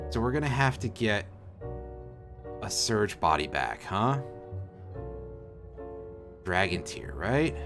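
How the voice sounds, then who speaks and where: A man streaming a role-playing game, half reading the on-screen text under his breath and cracking jokes with the occasional swear. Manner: reads game text aloud in a low mutter, jokes and swears. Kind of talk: casual let's-play commentary.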